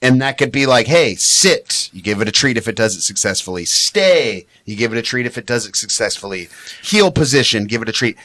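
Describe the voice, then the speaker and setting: A man talking as a dog trainer guest on a studio podcast, animated and explaining with acted-out examples. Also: rapid-fire, few pauses, no room sound. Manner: animated, acts out high excited voices when quoting owners. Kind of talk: podcast interview.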